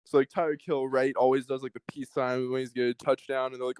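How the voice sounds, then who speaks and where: A man's voice: medium pitch, level tone, quick pace, a little mellow, smooth, no echo, poor audio. A young man co-hosting a casual podcast, talking in long rambling runs and swearing freely. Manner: rambling, swears, mimics others. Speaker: podcast co-host. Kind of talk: casual chat.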